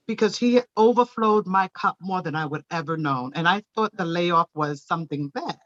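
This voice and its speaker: A woman, a daycare owner, telling her personal testimony in a church interview with animated storytelling. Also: lowish voice, moderate pace, few pauses, dull audio. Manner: animated storytelling, acting out quoted voices.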